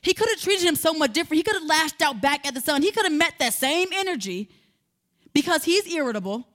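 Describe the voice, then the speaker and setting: A woman's voice: high-pitched, animated, fast talker, a bit bright. A woman preaching a sermon in a conversational way, building to emphatic, rising passages.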